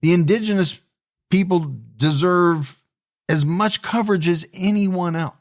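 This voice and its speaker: A man's voice: high-pitched, measured pace. A man co-hosting a true crime podcast, talking earnestly and casually with his partner. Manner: earnest, conversational, wrapping up the show. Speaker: podcast co-host.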